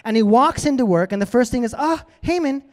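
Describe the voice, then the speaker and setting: A man preaching a sermon, retelling a story in a casual, animated way. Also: extremely high pitch, quick pace. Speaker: pastor.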